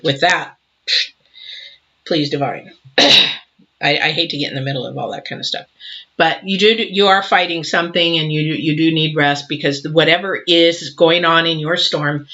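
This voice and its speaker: A man with a fairly high, bright and forceful voice gives an intuitive tarot reading straight to his viewers. He talks in earnest, halting runs, often restarting his sentences, and sounds heartfelt and a bit emotional. The recording is dull and lo-fi. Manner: earnest, halting, with frequent restarts and soft laughs. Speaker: tarot reader.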